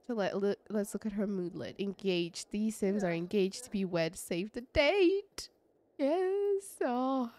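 A woman's voice: medium pitch, steady tone, moderate pace, hardly any pauses, warm tone. A woman giving casual, chatty gameplay commentary, gushing and giggling as she goes. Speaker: let's play creator.

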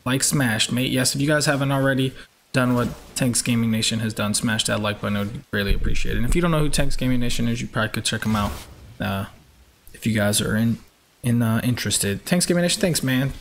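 A man's voice: medium pitch, fast talker, fairly bright tone, slight background noise. A young man from Georgia, chatting upbeat with viewers as he live-streams a racing game from home.

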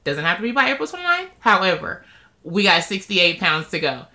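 A woman with a lowish voice speaks briskly in a casual vlog about her weight-loss progress. She's emotional and openly expressive, talking directly to her viewers.

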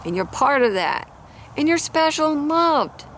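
A woman's voice: sits high, big pitch swings, a little slow, fairly bright tone, a little hiss or hum. A woman vlogging outdoors with a handheld mic, chatting earnestly and praying aloud for her viewers. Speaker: Christian ministry vlogger. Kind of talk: casual prayer and encouragement talk. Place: outdoors near animals and hay. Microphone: handheld microphone.

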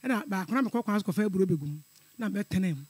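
A man's voice: high voice, lively intonation, quick pace, darkish tone, breathy edge, no echo. A middle-aged man calling in to a radio show, telling a personal story in an earnest, repetitive way. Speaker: caller.

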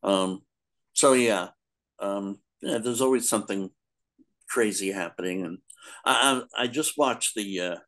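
An older man, a comics editor appearing as a podcast guest, spins long, rambling anecdotes in a casual chat, laughing frequently and acting out quotes. His voice is fairly low and fairly bright, with a measured pace and frequent pauses.

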